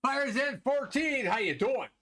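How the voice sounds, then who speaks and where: A man's voice: very high-pitched, animated, unhurried, sharp tone. A man from Wisconsin hosting a live stream, chatting casually with viewers while commenting on a board game and laughing often.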